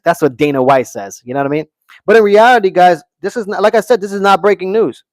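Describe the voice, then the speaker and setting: A man's voice: high-pitched, a little mellow, no echo. Brash man ranting on a fight livestream. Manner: brash, opinionated, repeats "okay" and "guys"; reads chat comments aloud and answers them. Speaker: livestream host. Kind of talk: casual live-stream fight commentary.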